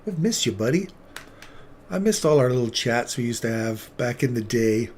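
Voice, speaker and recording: A man hosts a live trading stream in a casual, upbeat voice at an ordinary pitch. He chats with viewers by name while he talks through the charts. A faint background hum sits under the recording. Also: animated, moderate pace, a little mellow. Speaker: trading livestream host.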